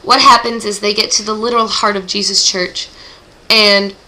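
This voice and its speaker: A woman's voice: mid-range voice, fairly even intonation, moderate pace, bright, forceful tone, low-quality recording. A teenage girl recapping book chapters in a casual vlog, gushing and emotional, with groaning sighs. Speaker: book club vlogger.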